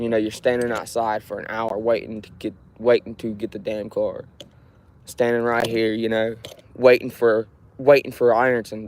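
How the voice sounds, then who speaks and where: A man's voice: medium pitch, a little mellow, slight background noise. A man livestreaming, telling a rambling, frustrated story with frequent restarts and swearing. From Ohio, USA.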